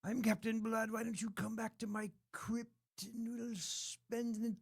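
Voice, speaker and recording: A man voicing Captain Blood, a male crypt-dwelling puppet, in a deliberately bad British accent with a hammy, seductive delivery. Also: high voice, flat delivery, breathy edge, voice pushed up, heavily acted. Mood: leering come-on. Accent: bad British accent, put on.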